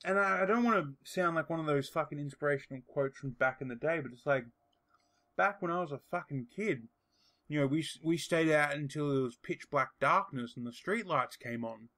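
A man from Australia with an Australian accent, chatting casually on a podcast and telling stories in a crude, profane, animated way. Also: on the high side, fairly quick. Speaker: podcast guest.

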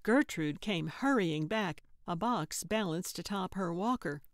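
A woman narrating a cozy mystery audiobook in measured, even storytelling on a close studio mic. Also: fairly low pitch, no echo. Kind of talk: scripted narration.

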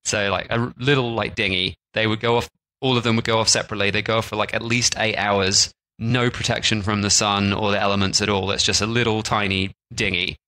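A man co-hosting a travel and food podcast in a relaxed, conversational way. His voice sits a little low but has a bright, forward edge. He talks loosely, with frequent fillers and restarts. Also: fairly quick, poor audio. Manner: chatty, lots of "like" and restarts. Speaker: podcast co-host. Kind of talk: casual chat.

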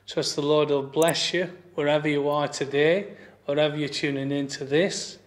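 An older man from England preaching a sermon as pastor, earnest and emphatic, repeating and slowing on key phrases. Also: fairly high pitch, steady tone. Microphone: streamed church service.

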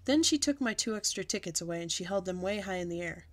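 Woman storyteller, expressive read-aloud of a children's book. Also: lowish voice, fast. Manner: lively, expressive storybook reading.

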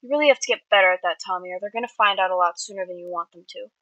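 A woman's voice: medium pitch, racing, fairly bright tone, no echo, recorded from a distance, highs cut off, lightly acted. A woman voicing an anxious, loyal teenage boy who pleads with his friend. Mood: worried.

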